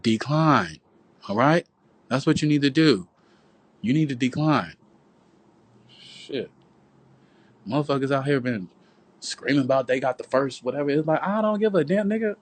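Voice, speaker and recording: A man preaches into his phone on a livestream, swearing freely and repeating himself as he lectures his viewers. His voice sits at a middle pitch and sounds close and dry, with no room around it. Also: expressive, moderate pace, long pauses, dry recording. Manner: profane, preachy, repetitive, calls listeners "boo" and "y'all". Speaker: livestream host. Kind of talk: rambling preachy livestream monologue.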